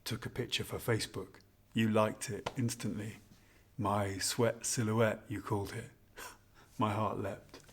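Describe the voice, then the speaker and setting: A man's voice: fairly low pitch, little pitch movement, a little slow, slight background noise, close to an everyday voice. An actor performing a scripted monologue as a husband who fondly and ruefully reminisces while toasting his wife on their anniversary. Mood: wistful. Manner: intimate, confiding, rambling reminiscence. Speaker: narrator of a spoken monologue.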